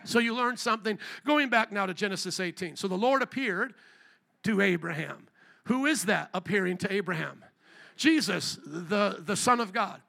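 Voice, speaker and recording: A man preaching at a church service with a high, ringing voice. He keeps asking the congregation for amens. He slows and lifts his voice when he reads scripture aloud. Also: animated, gravelly, sharp tone. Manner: preaching with call-and-response prompts to the congregation; reads scripture aloud, slowing and rising in pitch for quoted lines. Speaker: pastor. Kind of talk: sermon.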